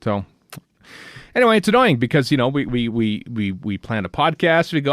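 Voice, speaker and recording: Male podcast host, lively and rambling, dry close sound. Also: fairly low pitch, a little fast, dry recording. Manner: rambling, many restarts and fillers. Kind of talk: casual podcast chat.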